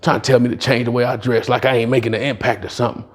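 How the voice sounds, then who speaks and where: This middle-aged motivational speaker talks rapid-fire in a mid-range voice, telling stories at a sales retreat. His delivery is casual and slangy, and he animatedly acts out the dialogue in other voices.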